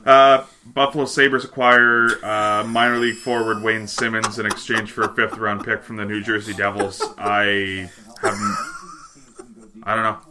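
A man co-hosts a loose sports chat show, with a very bright, edgy tone in a fairly low voice. He swears casually and rattles off trade news between jokes. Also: level tone. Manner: profane, offhand, reads news items quickly. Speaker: podcast co-host.

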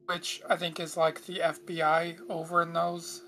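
A woman's voice: fairly low pitch, little pitch movement, moderate pace, a bit bright, soft background music. A woman casually hosting a true-crime podcast, chatty with frequent asides. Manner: chatty, reads aloud with frequent asides and throat clearing. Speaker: podcast host.

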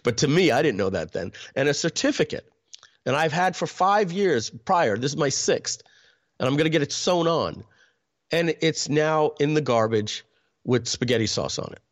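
Middle-aged male guest, mid pitch, candid storytelling; halting delivery, keeps clearing his throat. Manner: halting, many restarts and frequent throat clearing. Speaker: interview guest.

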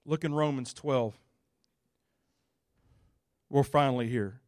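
A male pastor preaching a sermon in a folksy, casual, animated way. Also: medium pitch, takes it slowly, dry recording, studio quality.

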